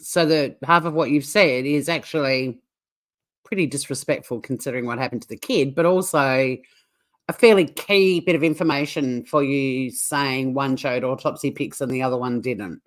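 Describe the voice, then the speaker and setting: A woman's voice: low voice, moderate pace. An Australian woman co-hosting a casual reaction chat, blunt, swearing and laughing often. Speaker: channel co-host.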